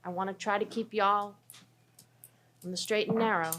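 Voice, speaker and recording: A woman's voice: mid-range voice, steady tone, normal speed. Woman, commissioner, direct and wry, faint background hum.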